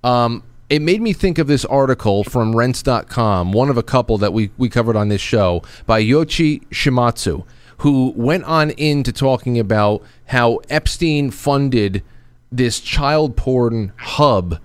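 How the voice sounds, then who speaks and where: A man hosting a talk show in casual chat, often halting and restarting his sentences. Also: medium pitch, expressive, clean tone, dry recording. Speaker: podcast host.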